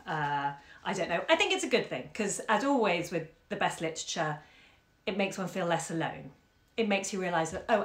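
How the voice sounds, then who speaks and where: A woman hosting a live-streamed story reading from home, chatty and expressive with fillers. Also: on the low side. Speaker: bookshop owner and host. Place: home during lockdown. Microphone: phone camera. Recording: echoey room.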